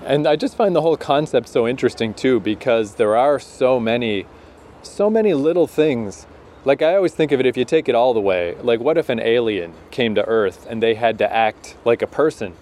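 Young Canadian male co-host, animated and laughing, mid-pitched, faint background noise. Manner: animated, laughs often, slows down to make a point. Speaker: podcast co-host. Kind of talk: casual chat.

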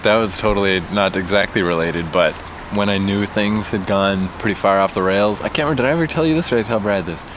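A man's voice: fairly low pitch, fast, background noise. A young man in casual chat outdoors, rambling and laughing often, poking fun at himself. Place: outdoors at a picnic table outside a bar.

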